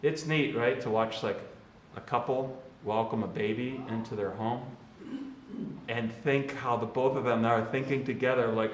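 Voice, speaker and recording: A man's voice: medium pitch, steady tone, moderate pace, roomy sound, slight background noise. A man, a Catholic priest, giving a casual, conversational homily with slangy asides and laughs.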